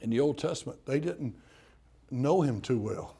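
Older man, Tennessee accent, preacher, folksy humorous sermon, gravelly, husky. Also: mid-range voice, animated, normal speed, warm tone. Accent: Southern US, Tennessee. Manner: folksy storytelling, drawling and humorous.

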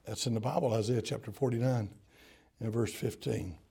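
Gravelly, husky man preaching a sermon. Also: medium pitch, moderate pace. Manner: animated preaching, swinging from loud calls to hushed tones; repeats and restarts words in bursts. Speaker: pastor.

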